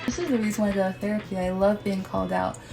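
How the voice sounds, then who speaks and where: A woman's voice: medium pitch, steady tone, very fast, vocal fry, music in the background, rough recording. A woman telling a casual story in a TikTok clip, acting out both sides of a conversation. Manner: retelling a conversation, quoting back and forth. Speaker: TikTok creator.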